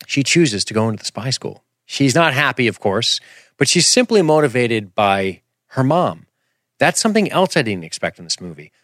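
Animated man hosting a movie podcast. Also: fairly low pitch, no echo, clean studio sound. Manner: animated, rambling, jokey. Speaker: podcast host. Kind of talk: casual movie review chat.

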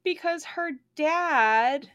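A woman's voice: high-pitched, extremely slow, a bit bright, no echo, lo-fi sound. Gushing young woman with a drawl. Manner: gushing, swears freely, many fillers. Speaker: podcast co-host reviewing a book. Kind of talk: casual chat.

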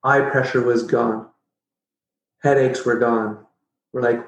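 A middle-aged man telling a personal story as a podcast guest, animated and jokey, acting out his own past reactions. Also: medium pitch, slow, dull audio. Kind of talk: casual storytelling interview. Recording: roomy echo.

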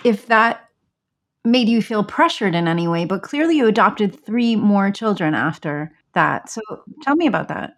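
A woman hosts an interview podcast and draws out her guest with curious questions. Her pitch moves a lot as she speaks. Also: expressive, normal speed. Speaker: podcast host.

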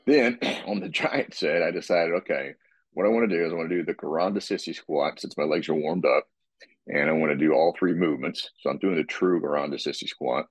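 A man talking casually about his workout, rambling and restarting his sentences and clearing his throat often. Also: a bass voice, a little fast, no room sound. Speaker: guest describing his workout. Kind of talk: casual podcast talk.

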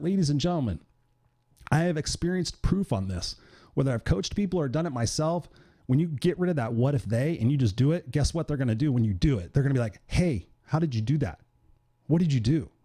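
A man's voice: fairly high pitch, expressive, fast, mellow. A middle-aged man, a podcast host and coach, giving a blunt, profane motivational monologue in a direct, tell-it-like-it-is way.

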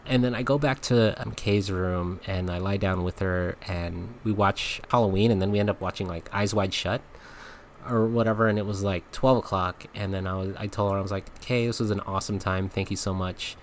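A low-voiced man hosts a podcast and tells a frank, comic story in loose, chatty fashion. He laughs often as he goes, and a faint hiss sits under his voice. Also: steady tone, normal speed. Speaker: podcast host. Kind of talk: casual storytelling monologue.

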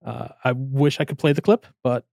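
A man's voice: mid-range voice, fairly even intonation, normal speed, gravelly, darkish tone, no room sound. Guy telling a story on a podcast, acts out the lines, dry close sound. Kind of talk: casual chat.

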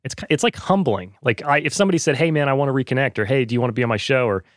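A man's voice: medium pitch, rapid-fire, no echo, studio quality. Earnest man chatting on a podcast. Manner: earnest, many fillers. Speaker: podcast host, guest. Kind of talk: casual conversation.

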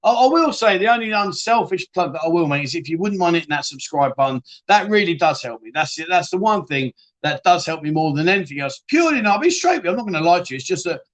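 This man, slightly higher-voiced than the average male, hosts a rambling, casual live-stream chat show. He's animated and fast with few pauses, chatty and blunt, cursing freely and frequently starting sentences over while responding to viewers.

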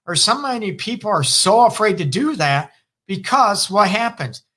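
Animated, bright-voiced male counselor. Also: sits high, normal speed. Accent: Detroit. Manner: animated and emphatic, with sudden loud exclamations. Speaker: relationship counselor and show host. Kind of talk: casual advice talk.

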